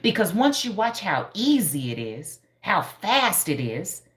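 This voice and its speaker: A hairstylist from Denver chatting playfully on a live stream, laughing often and answering viewers' comments. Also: female voice, mid-range voice, sing-song, a little slow. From Denver, Colorado. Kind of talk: casual live-stream chat. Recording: echoey room.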